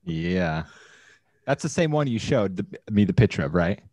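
A man's voice: mid-range voice, very animated, normal speed, gravelly, darkish tone, no echo. A man chatting casually on a live podcast, easygoing and chatty. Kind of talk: casual live-stream chat.

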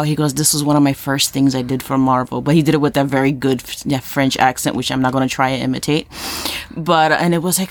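Lively low-voiced woman podcast co-host. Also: fairly quick. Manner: animated, playful storyteller. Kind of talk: casual chat.

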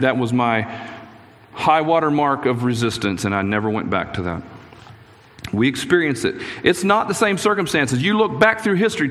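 A man's voice: medium pitch, fairly bright tone. A middle-aged man preaching a sermon, earnest and personal, telling his own stories with frequent restarts. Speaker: pastor. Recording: echoey hall with long reverb.

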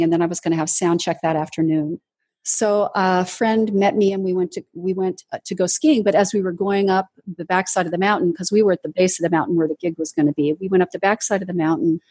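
A woman with a lowish, husky voice and a darkish tone speaks in a dry recording with no room sound. She is a ministry leader appearing as a guest on an interview show, earnestly sharing her personal testimony as a story and acting out the voices of the people she quotes.

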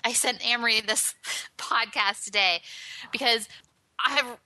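A woman's voice: fairly high pitch, measured pace, sharp tone, no echo. A woman co-hosting a TV podcast in casual chat, hesitant, with many ums and shrugging asides. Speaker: podcast co-host.

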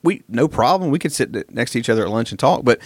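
A man hosting a casual church podcast, rambling through his thoughts with lots of pauses and restarts. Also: medium pitch, animated, slightly rough, dry recording, clean studio sound. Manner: rambling, many fillers and restarts. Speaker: podcast host.

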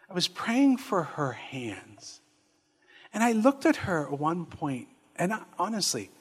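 A man's voice: sits high, very animated, a little slow, husky. A man preaching as a priest, telling funny stories with exuberance and acting out the voices of the people in them. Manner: exuberant and humorous, laughing as he tells stories; acts out quoted voices. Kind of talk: storytelling sermon.

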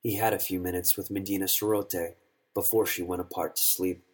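A man narrating an audiobook story in a measured, solemn way. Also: sits low, level tone, a little mellow, slightly rough.

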